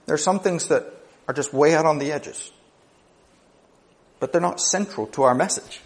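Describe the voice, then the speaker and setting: A man's voice: on the high side, normal speed. A male pastor delivering a sermon, teaching in numbered points and rising to emphatic peaks.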